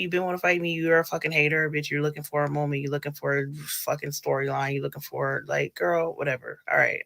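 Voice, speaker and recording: A woman's voice: sits low, creaky, a bit bright. A woman in a clip from a reality show, ranting in a fiery, cursing, mocking way. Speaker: reality show cast member. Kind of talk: heated confessional rant.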